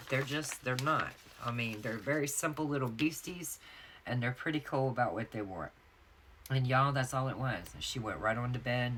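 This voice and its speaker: Bass-deep, bright and forceful, this woman's voice comes with a slight hiss or hum. She's a Southern-accented planner vlogger from North Carolina, telling stories while arranging her planner and chatting with viewers, whom she addresses as y'all.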